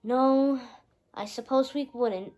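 A woman reading a storybook, voicing a calm, sensible fairy woman who speaks with a sigh. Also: high-pitched, slow, dull audio. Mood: resigned. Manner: calm and sighing.

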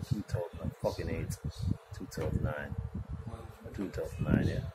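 A man's voice: low voice, unhurried. A man delivering a profane, rambling monologue about his life. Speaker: musician telling his story. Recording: loud background noise.

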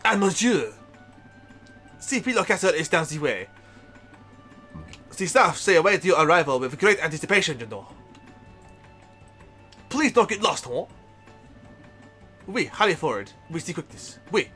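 A man's voice: on the high side, expressive, unhurried, long pauses, sharp tone, soft background music. A man voicing a fussy male island guide with a put-on French accent and theatrical broken English.

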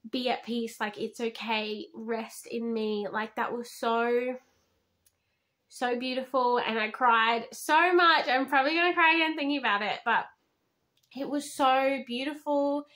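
A woman's voice: a little high, sharp tone. A woman reviewing a book in a casual vlog, gushing and heartfelt, often using "like" as filler.

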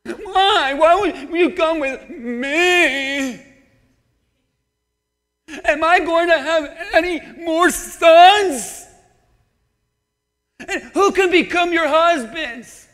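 Brief: pastor doing a loud self-pitying old woman, high bright voice, long hall reverb. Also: very slow, long pauses, heavily acted. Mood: distraught. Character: bitter despairing old widow woman.

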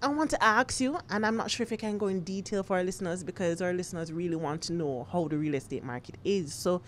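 Low-voiced woman radio host. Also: quick pace, a little hiss or hum. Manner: conversational, many "you know" fillers. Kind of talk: radio interview.

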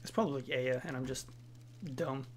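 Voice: mid-range voice, steady tone, moderate pace, slight background noise. Rambling let's-play host musing. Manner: rambling, self-deprecating musing. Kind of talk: casual gameplay commentary.

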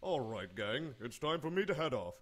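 An actor playing a showy alien squad captain in a cartoon parody dub, talking like a game-show host. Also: male voice, mid-range voice, big pitch swings, normal speed, fairly bright tone.

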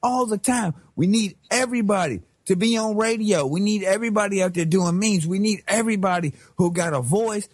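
A middle-aged man hosting a talk radio show, ranting in a slangy, animated way. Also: high voice, brisk, hardly any pauses, slightly rough, dry recording, clean studio sound. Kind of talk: heated talk-radio rant.

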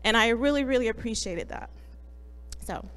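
A woman's voice: fairly high pitch, animated, moderate pace, very noisy. Mother telling her testimony in a church hall. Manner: storytelling with quoted voices, moved and soft. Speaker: church member giving a testimony. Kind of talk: personal testimony to a congregation. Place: church sanctuary. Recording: long reverb from a large hall.

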